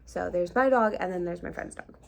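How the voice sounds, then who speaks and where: A woman's voice: fairly low pitch, brisk, creaky. A young woman vlogger telling a casual storytime, chatty and full of likes and ums. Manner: chatty, lots of likes and ums, half-laughing.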